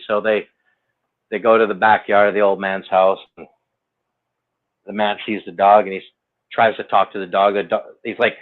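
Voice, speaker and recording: A man's voice: fairly low pitch, moderate pace. A man telling stories in a casual chat, loose and profane, poking fun at himself. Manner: loose, profane, self-deprecating. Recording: tinny phone-like line.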